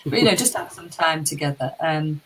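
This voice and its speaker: British woman, co-host, low voice, husky edge, casual chat, frank and swearing. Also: expressive, normal speed, rough recording. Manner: candid storytelling, swears freely. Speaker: co-host, life coach.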